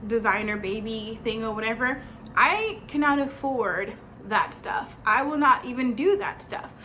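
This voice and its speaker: A woman's voice: a little high, pushed and bright, slight background noise. A woman venting in a rambling, heated vlog rant, full of fillers and restarts, in her small apartment. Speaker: vlogger. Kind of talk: ranting vlog monologue.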